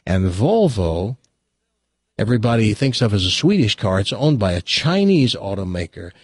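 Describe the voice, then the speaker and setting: A man's voice: lowish voice, sing-song, moderate pace, a little mellow, husky, no room sound, studio quality. A man hosting a talk show, chatting casually, rattling off facts with wry asides and then telling jokes. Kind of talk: casual chat and joke telling.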